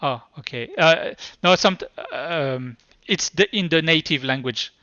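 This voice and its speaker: A man's voice: on the high side, pushed and bright, dry recording. French-accented man giving a live demo. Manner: halting, many restarts and fillers. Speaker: conference speaker. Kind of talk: live tech demo talk. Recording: dull lo-fi sound.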